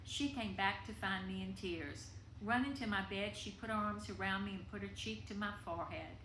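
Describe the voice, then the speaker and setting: A woman's voice: medium pitch, moderate pace, hardly any pauses, bright, forceful tone. A woman reading a family memoir aloud in a tender, emotional way. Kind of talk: reading a personal story aloud. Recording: echoey room with faint background noise.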